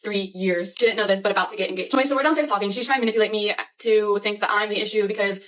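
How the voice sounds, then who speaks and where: Brief: woman in her 20s, anxious storyteller, rushed delivery, mic a little far off. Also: medium pitch, fairly bright tone. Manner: fast, anxious retelling with many "like"s. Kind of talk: personal storytime vlog.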